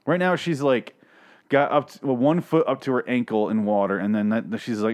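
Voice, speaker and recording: A man's voice: medium pitch, fairly even intonation, moderate pace, a little mellow. A man recapping a TV episode in a casual, sarcastic, profane rant, often exasperated. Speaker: podcast host reviewing a TV episode.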